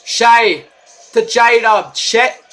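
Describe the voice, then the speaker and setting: A man giving live fan commentary on a basketball game, frustrated and profane, breaking into shouts and laughter. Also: very high-pitched, very slow.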